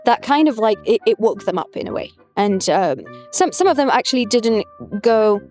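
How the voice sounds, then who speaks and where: A woman's voice: a little high, big pitch swings, moderate pace, a little mellow, soft background music. A woman, a rabbi talking casually in an interview with lots of "like" fillers. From France. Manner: chatty, many "like" fillers. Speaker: rabbi, guest.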